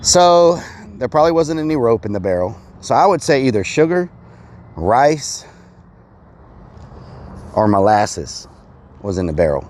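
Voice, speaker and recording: A man of medium pitch chats casually on a live stream outdoors by a river, playful and jokey, repeating his own phrases. A faint noise runs under his voice. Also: sing-song, unhurried, long pauses, darkish tone.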